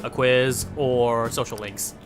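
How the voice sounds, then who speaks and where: A man's voice: medium pitch, steady tone, slow pace. Young male let's play host, jokey and rambling, music in the background. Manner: rambling, jokey, swears casually. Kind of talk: casual game commentary.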